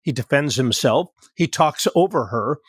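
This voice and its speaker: A man's voice: medium pitch, animated, moderate pace, slightly rough, dry recording, studio quality. A middle-aged man hosting a podcast as a therapist, talking casually and illustrating his points with examples from his couples work. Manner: explains with role-play examples from his practice. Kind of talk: conversational podcast talk.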